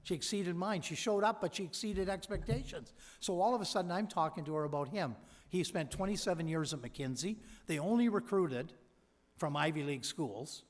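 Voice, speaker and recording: Speaking a little fast in a high-sitting voice, an honorary doctorate recipient gives an anecdotal, motivational convocation speech. He's an energetic storyteller who performs what people said, and the large hall's PA adds long reverb.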